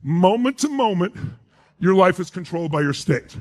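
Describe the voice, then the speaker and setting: A man delivering a motivational speech to a live crowd, his fairly high voice leaping up and down in pitch. He hammers his points home and keeps firing rhetorical questions at the listeners. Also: very animated, moderate pace. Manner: emphatic, asks the audience rhetorical questions. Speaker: motivational speaker.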